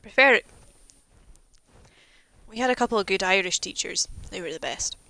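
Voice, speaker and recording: A woman's voice: medium pitch, expressive, quick pace, vocal fry, sharp tone, dry recording, rough recording. A young Scottish woman chatting casually and rambling wryly while she streams a game. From Scotland. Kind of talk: casual chat while playing.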